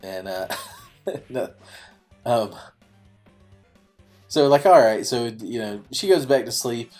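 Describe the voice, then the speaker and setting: A gaming YouTuber tells a rambling, self-deprecating story over gameplay, chatty and crammed with "you know" fillers. His medium-pitched, darkish voice has lively intonation and a slow pace, with faint music behind.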